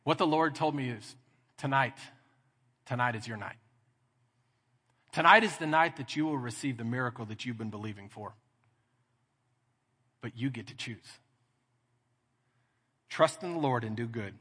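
Texan male pastor, husky edge, animated storyteller in a reverberant church. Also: mid-range voice, normal speed, long pauses. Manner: animated storytelling, acting out dialogue. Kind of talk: sermon. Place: church sanctuary.

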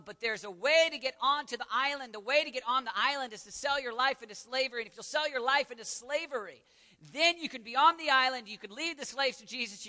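A Texan man preaches with a high, very bright and piercing voice, dropping to near hushes and rising to shouts. His voice rings through a large church hall with a long, echoing reverb. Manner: impassioned, swings from hushed to shouting. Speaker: pastor. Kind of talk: sermon.

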